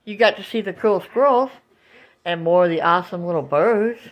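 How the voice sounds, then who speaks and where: Animated woman vlogging from home. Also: on the low side, normal speed, highs cut off. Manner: animated, coos and exclaims, talks to viewers as "guys". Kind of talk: casual home video narration. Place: home, filming out a window.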